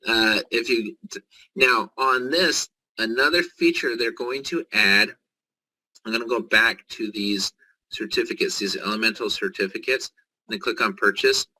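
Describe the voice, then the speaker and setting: A man giving an excited, joking sales pitch in a live online presentation, walking viewers through figures. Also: normal speed, low-quality recording.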